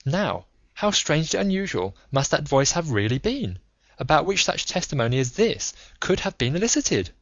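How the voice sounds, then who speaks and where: A man's voice: fairly high pitch, sing-song, fairly bright tone, no echo, highs cut off, heavily acted. A man doing a cool, methodical detective. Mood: lecturing. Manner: measured, lecturing, methodical. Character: calm, analytical adult male detective. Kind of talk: audiobook reading.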